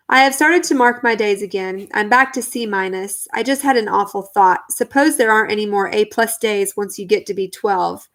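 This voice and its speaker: A woman reading a novel aloud in the first person, in a calm, even storytelling manner. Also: mid-range voice, normal speed, hardly any pauses. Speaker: audiobook reader.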